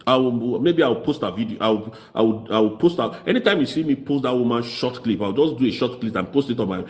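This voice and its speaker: Fiery Nigerian Igbo man, lively pitch. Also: fast. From southeast Nigeria. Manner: mocking, impassioned, switches into Igbo. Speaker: political commentator. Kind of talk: fiery political commentary.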